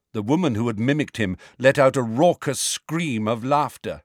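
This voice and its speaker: A man reading a fantasy novel aloud as narrator, measured and dramatic. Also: on the low side, animated, no echo, studio quality. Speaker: audiobook narrator. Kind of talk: scripted narration.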